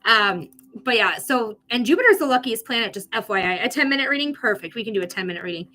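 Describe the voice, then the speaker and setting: A woman's voice: on the high side, animated, fast talker, bright, forceful tone. A woman hosting a live psychic reading stream, chatting casually with viewers and swearing now and then.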